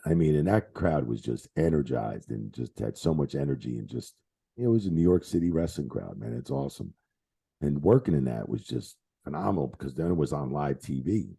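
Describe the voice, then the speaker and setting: Very deep gravelly man telling stories. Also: fairly quick. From New Jersey area. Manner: animated, swearing, laughing, retelling backstage anecdotes. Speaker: former wrestling referee, guest. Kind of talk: casual interview storytelling.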